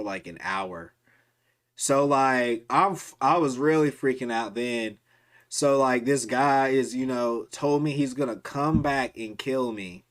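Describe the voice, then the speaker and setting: Rambling man telling a story casually. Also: medium pitch. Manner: rambling, slangy, many restarts and repetitions. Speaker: streamer.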